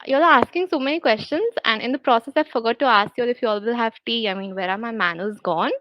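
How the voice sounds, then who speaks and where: A woman's voice: on the high side, quick pace, fairly bright tone, slight background noise, close to an everyday voice. A woman voicing a breezily casual young killer. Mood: breezy. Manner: breezy, matter-of-fact and chatty. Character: cheerful, casually murderous young woman host. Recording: dull lo-fi recording.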